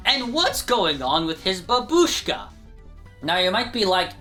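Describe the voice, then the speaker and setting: A man giving a casual, joking pitch for an animated show in an energetic, conversational way. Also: measured pace, faint music behind.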